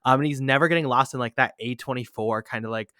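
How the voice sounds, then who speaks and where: A man talking fast in a bright, forceful voice during a casual podcast chat about film. He fills his sentences with "like". The sound is close and dry. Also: medium pitch, clean tone, no echo. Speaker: podcast guest, film critic.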